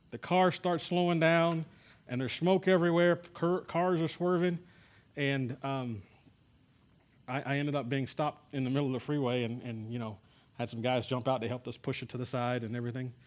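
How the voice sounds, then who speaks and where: A man preaching to a class, telling personal stories and asking rhetorical questions in a conversational way. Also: medium pitch. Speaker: pastor teaching a healing class. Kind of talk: sermon.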